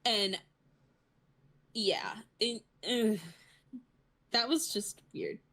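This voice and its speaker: A woman's voice: a little high, drawn-out words, bright, forceful tone. A woman co-hosting a podcast, chiming in with wry asides during a casual film recap. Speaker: podcast co-host.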